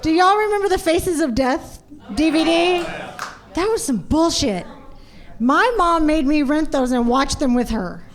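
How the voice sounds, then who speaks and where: A woman's voice: sits high, lively intonation, unhurried. A woman doing a stand-up comedy set on a club stage, telling stories animatedly and imitating her family.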